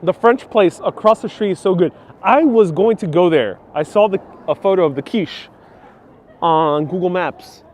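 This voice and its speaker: A man's voice: high-pitched, normal speed, a little mellow, slight background noise. A man hosting a live walking tour, chatting casually as he strolls outdoors on a city street with a clip-on mic. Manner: chatty, easygoing, talks while strolling and reads viewer comments. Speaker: walking-tour livestream host. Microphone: wireless clip-on mic.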